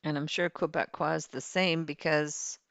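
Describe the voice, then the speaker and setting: Chatty woman, smooth low voice. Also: fairly even intonation, moderate pace, fairly bright tone, dry recording. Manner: chatty, rambling, laughs easily. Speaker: livestream host. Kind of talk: casual chat while playing a farming game.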